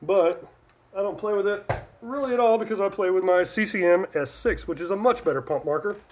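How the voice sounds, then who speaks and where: A man from Northern California chats through a relaxed live stream, reading out viewer questions and answering them one by one. His voice sits a little high for a man, and he rambles, trailing off and restarting his sentences. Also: brisk. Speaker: livestream host.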